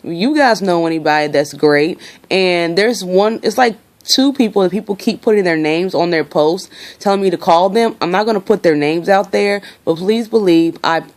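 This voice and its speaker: A woman's voice: deep voice, a little mellow. A young woman venting her frustration in a casual vlog, talking freely and swearing. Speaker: vlogger.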